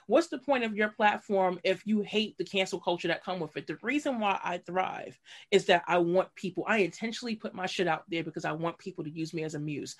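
A woman talking in a casual podcast chat, telling stories in a profane, animated way with frequent restarts. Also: mid-range voice. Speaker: running blogger and guest.

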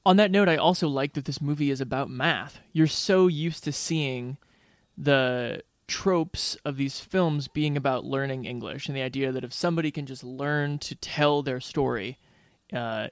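A man's voice: medium pitch, steady tone, moderate pace, no room sound, clean studio sound. A man co-hosting a podcast in casual film discussion, searching for words as he talks. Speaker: podcast co-host.

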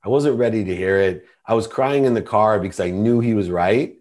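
Earnest low-voiced middle-aged man. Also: a little fast, darkish tone. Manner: earnest, confessional. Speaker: podcast guest. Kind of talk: personal storytelling in conversation.

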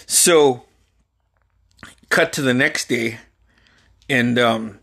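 A man's voice: medium pitch, very slow, creaky, sharp tone. 40s guy on his podcast, swears a ton, rambles through old stories, chuckles as he goes. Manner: profane and rambling, laughs through the story. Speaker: podcast host. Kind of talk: casual storytelling.

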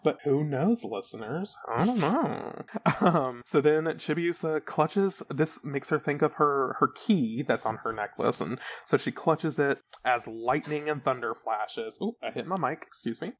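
Male podcast co-host, chatty, animated, foul-mouthed recap. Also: mid-range voice, a little slow. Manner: animated, swears casually. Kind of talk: casual comic recap chat.

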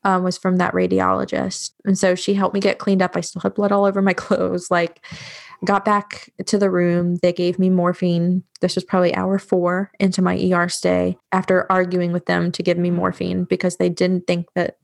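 A woman's voice: fairly low pitch, monotone, moderate pace, gravelly. A woman guest on an interview podcast, telling a hard personal story in a frank, matter-of-fact way with frequent fillers. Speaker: guest, bereavement doula.

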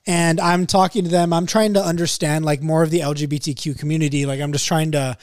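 A young man co-hosting a podcast, setting up jokes in a deadpan, casual swearing way. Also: a little high, quick pace, dry recording. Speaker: podcast co-host. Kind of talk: casual joke-telling chat.

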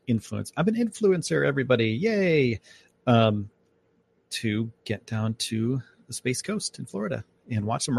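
Here a man with a lowish, gravelly, darkish voice hosts a casual live-stream podcast from a home mic. He rambles about space and his plans, and he comes from upstate New York.

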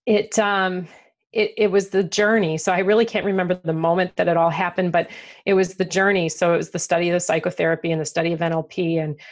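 Candid, lower-pitched woman author guest. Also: little pitch movement, fast talker. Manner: candid, laughs often, many fillers. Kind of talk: conversational interview.

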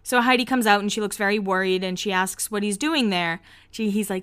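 A woman's voice: medium pitch, a little fast, a bit bright, smooth. A woman hosting a podcast, recapping a show in a casual, chatty way with lots of 'like'. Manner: chatty, heavy use of 'like', laughs often. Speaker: podcast host.

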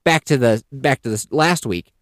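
A man in his thirties telling a casual, animated story as a podcast host, swearing freely and acting out voices. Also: mid-range voice, moderate pace, no room sound, clean studio sound.

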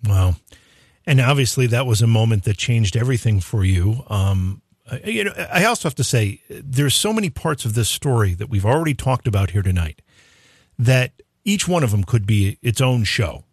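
Lively-voiced male talk show host. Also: mid-range voice, moderate pace, husky, no echo, studio quality. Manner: engaged, with brief affirmations. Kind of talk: interview questions.

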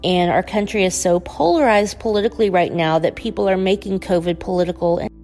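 A woman's voice: fairly low pitch, a little fast, a little mellow. A woman hosting a solo podcast, ranting and pleading with listeners in an impassioned, swearing manner. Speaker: podcast host. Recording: long reverb with faint music behind.

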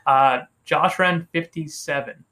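A man's voice: fairly high pitch, slow pace, sharp tone. A man co-hosting a casual podcast chat about running. He teases his friends, swears freely and tells stories with quoted dialogue. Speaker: podcast co-host.

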